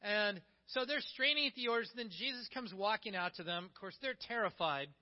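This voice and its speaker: Brief: pastor, animated conversational sermon, very high voice for a man, dull sound. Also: normal speed. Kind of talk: sermon with Bible reading.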